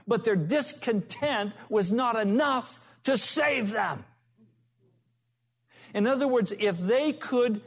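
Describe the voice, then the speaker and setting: A man preaching a sermon as a pastor, telling folksy stories to make his point. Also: high-pitched.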